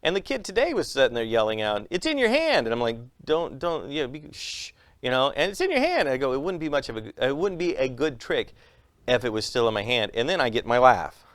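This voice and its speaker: A man tells stories as an interview guest, throwing his voice up high to act out the people in them. His tone is smooth and resonant, and the recording is dry and close with no room sound. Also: a little fast, no room sound. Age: adult with a young son. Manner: lively storyteller acting out quotes in raised voices. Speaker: comedian and magician guest. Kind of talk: animated interview storytelling.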